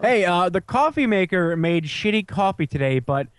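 A man's voice: high-pitched, animated, moderate pace, clean tone, no room sound. Sarcastic man arguing a point. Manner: argumentative, sarcastic analogies. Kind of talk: casual discussion.

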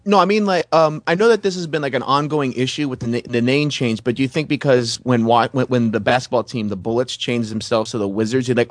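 A man's voice: medium pitch, fast talker, hardly any pauses, no echo. A man co-hosting a comedy podcast, asking rambling, hesitant questions. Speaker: podcast co-host. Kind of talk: casual comedy chat.

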